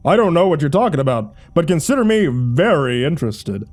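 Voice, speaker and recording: An exuberant goofball bellows theatrically in an old-timey manner, his voice pitched high above the narrator's own, as a man puts him on. The tone is mellow and dark-edged, and faint music plays under this horror audiobook. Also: sing-song, brisk. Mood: excited. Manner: theatrical, booming, archaic put-on accents.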